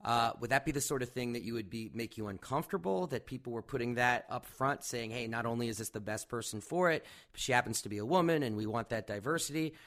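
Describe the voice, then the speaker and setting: A man's voice: medium pitch, quick pace, hardly any pauses, fairly bright tone. A man hosting a casual interview, asking friendly, rambling questions. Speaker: podcast host.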